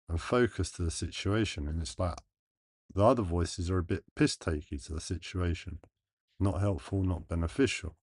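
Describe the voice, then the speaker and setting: Slow, earnest and deep-voiced, a man streaming live works through his thoughts out loud, stopping and restarting in halting phrases. His low voice is a little mellow. The recording is close-miked and dry, with no room reverb.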